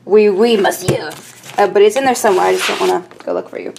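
A woman's voice: mid-range voice, wildly swooping pitch, rapid-fire, vocal fry, a crowd in the background. A young woman in her twenties, a stage performer chatting casually and self-mockingly in a vlog.

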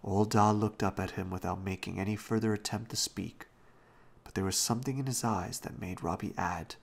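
Low gravelly male bedtime reader. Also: steady tone. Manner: slow, hushed reading. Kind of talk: bedtime story reading. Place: home.

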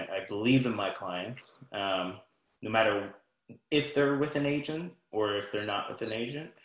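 A low-pitched man, a talent manager, offers loose, chatty advice to young performers. He rambles a little and restarts his sentences. His voice rings in an echoey room. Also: fairly bright tone. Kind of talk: casual advice at an online info session.

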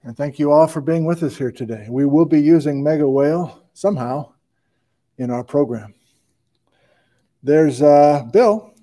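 A man's voice: a little high, unhurried, long pauses, mellow. A man hosting a casual livestream, upbeat as he greets viewers and reads out where they are watching from. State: out of breath. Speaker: host.

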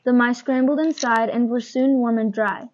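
Young woman, higher-pitched storybook reader, expressive, muffled lo-fi audio. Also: normal speed. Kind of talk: reading a picture book aloud. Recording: dull lo-fi recording.

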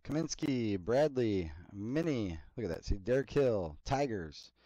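A man hosting a card break, reading player names in a steady list between casual chatty asides. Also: lowish voice, measured pace, no echo, rough recording. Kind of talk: casual running commentary while opening card packs.

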